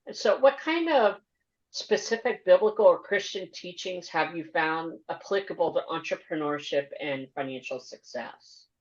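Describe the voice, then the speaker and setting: A woman hosting a podcast interview, earnest and measured as she asks questions and comments. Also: lowish voice, expressive, a little mellow. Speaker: podcast host. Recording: dull lo-fi audio.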